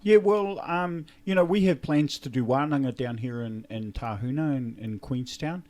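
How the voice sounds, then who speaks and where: A man with a New Zealand accent hosting a casual chat podcast, relaxed and mixing in Māori phrases. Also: mid-range voice, normal speed. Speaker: podcast host.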